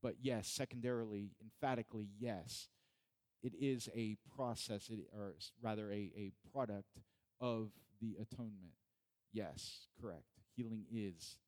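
A man's voice: lowish voice, measured pace, darkish tone. A man preaching in an earnest Bible study, repeating points and asking questions of his listeners.

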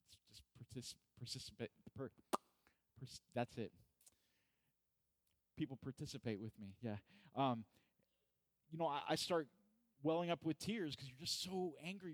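A man's voice: mid-range voice, dry recording. A man preaching a sermon in a conversational way, acting out pleading questions with rising intensity.

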